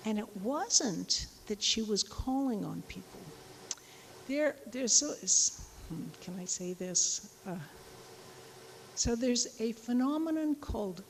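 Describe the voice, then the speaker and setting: A woman giving a casual, chatty lecture on teaching, animated and full of asides. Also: fairly high pitch, in a large hall, slight background noise, low-quality recording. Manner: chatty, animated, acts out quoted voices. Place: lecture hall.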